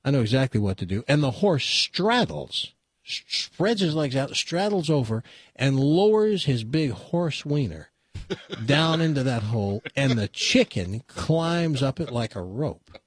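Husky radio host telling a joke. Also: male voice, a little high, expressive, slow pace, dry recording. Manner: chatty, stammering restarts, laughs at own punchlines. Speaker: radio talk show host.

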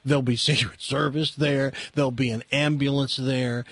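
A man's voice: mid-range voice, steady tone, a little fast, hardly any pauses, dry recording. A man hosting a radio talk show, chatting wryly and telling jokes in the studio. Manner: wry, storytelling.

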